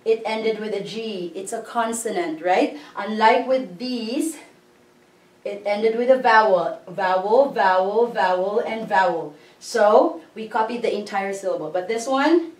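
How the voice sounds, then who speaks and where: Slow, patient woman teaching grammar. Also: mid-range voice. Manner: patient, spells out syllables and repeats words slowly. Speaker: language teacher. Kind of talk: slow classroom-style grammar lesson. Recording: echoey room, voice a bit far from the mic.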